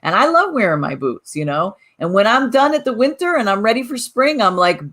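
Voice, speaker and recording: A woman co-hosting a talk podcast in an animated, casual chat, often restarting her sentences. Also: on the high side, brisk, few pauses. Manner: animated, repeats words when restarting. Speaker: podcast co-host.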